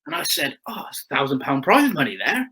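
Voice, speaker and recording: Chatty and quick to laugh, a young motocross rider tells stories as a guest in a casual conversation, acting out the quotes. His voice is on the high side, sing-song, brisk, and creaky, pushed and bright, with poor audio.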